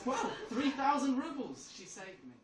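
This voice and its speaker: A man's voice: extremely high pitch, big pitch swings, moderate pace. An English man doing stand-up comedy in a club, telling stories and laughing through his own jokes. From England. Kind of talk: stand-up storytelling. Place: club room with a live audience. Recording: echoey club from far off, noisy.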